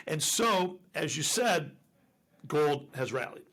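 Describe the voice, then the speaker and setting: A man's voice: a little high, lively intonation, unhurried, a bit bright. A man hosting a podcast interview, chatty and challenging, with lots of fillers. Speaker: podcast host. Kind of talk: casual interview.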